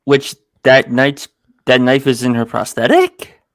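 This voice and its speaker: A man's voice: medium pitch, expressive, unhurried, no echo. A man co-hosting a casual podcast, throwing in jokey interjections and quips. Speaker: podcast co-host.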